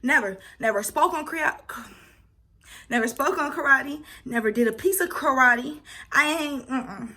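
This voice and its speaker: A young woman vlogger telling a personal story in a casual, animated and profane way, acting out scenes as she goes. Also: sits high, normal speed.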